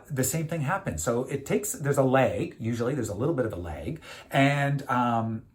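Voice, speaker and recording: A man, a keynote speaker, giving a reflective motivational talk to camera, with frequent hesitations and filler sounds. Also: medium pitch.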